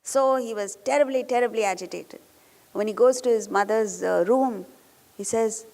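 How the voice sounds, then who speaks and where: A woman's voice: a little high, moderate pace, gravelly, a little mellow, big-room sound. A woman giving a spiritual discourse, telling stories and putting questions to her audience. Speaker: spiritual teacher.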